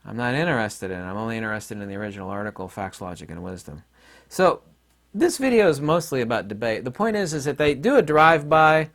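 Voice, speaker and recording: A man's voice: medium pitch, very animated, fast, fairly bright tone. A middle-aged man giving a blunt, combative monologue as an online commentator, with mocking asides. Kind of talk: opinionated monologue.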